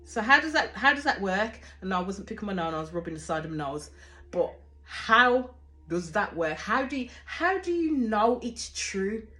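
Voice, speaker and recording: A woman's voice: mid-range voice, big pitch swings, normal speed, bright, forceful tone. A woman, giving blunt, chatty reaction commentary and swearing freely. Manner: chatty, rambling with restarts. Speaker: reality show reactor.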